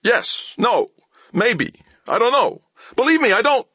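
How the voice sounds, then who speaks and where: A man putting on a scrawny thief in pain, pleading in a strained voice pushed far above his usual low register. The delivery is panicky and whining, close and dry like a studio audiobook. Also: very animated, unhurried, pushed and bright, no room sound, heavily acted. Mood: terrified pleading. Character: small frightened male thief, whimpering and pleading. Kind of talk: audiobook character voice.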